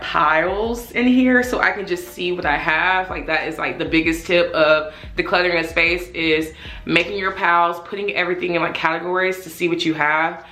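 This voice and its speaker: A woman's voice: fairly low pitch, pushed and bright. Chatty woman vlogging in an echoey room. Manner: chatty, rambling, heavy use of "like", addresses viewers directly. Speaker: home decluttering vlogger. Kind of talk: casual vlog chat to camera. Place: home office, indoors.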